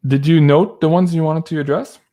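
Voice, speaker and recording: A man's voice: fairly high pitch, steady tone, fairly quick, dark tone. A man co-hosting a livestream, chatting casually and thanking donors by name. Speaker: livestream co-host.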